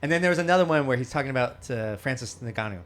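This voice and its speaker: A man's voice: mid-range voice, lively intonation, racing, a bit bright. A man co-hosting a podcast in casual chat, rambling, swearing and laughing often. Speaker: podcast co-host.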